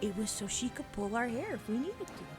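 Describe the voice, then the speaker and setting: A young woman chats casually on a game stream, her pitch running a little high and swinging widely as she tells stories. She laughs often and curses freely. Music plays clearly behind her. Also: a little fast. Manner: animated storytelling, frequent laughter, casual cursing.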